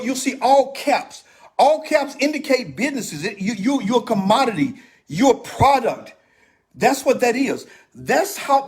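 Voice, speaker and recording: A man's voice: very high voice, slightly rough. A man hosting a casual livestream about credit repair, emphatic and repetitive, speaking straight to his viewers. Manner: emphatic, repeats himself, talks straight to viewers.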